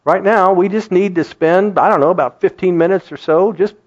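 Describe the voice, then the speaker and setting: A man's voice: high voice, a little fast, muffled recording. A man preaching a sermon, acting out quoted voices and laughing often. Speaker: pastor.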